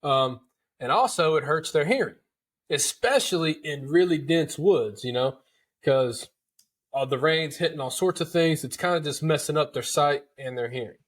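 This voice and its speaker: A man's voice: fairly high pitch, normal speed. A man, hosting a podcast and telling a hunting story in a chatty, folksy way. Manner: chatty, folksy, repeats words and calls listeners dude. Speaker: podcast host. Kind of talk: casual storytelling.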